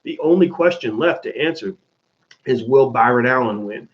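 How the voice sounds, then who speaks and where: A man hosting his own show, answering viewer questions in an animated, casual monologue full of restarts and swearing. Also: mid-range voice, moderate pace. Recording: dull lo-fi sound.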